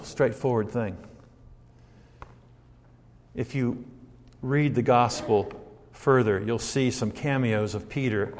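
A man's voice: medium pitch, big-room sound. A man preaching a sermon in a church, reading scripture and asking rhetorical questions in a conversational way, stopping often to correct himself.

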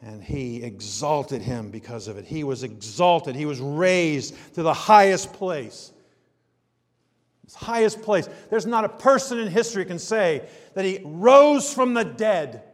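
Animated preacher in a reverberant hall. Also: male voice, fairly high pitch, unhurried. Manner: animated, swings from loud emphasis to quiet asides. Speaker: pastor. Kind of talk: sermon.

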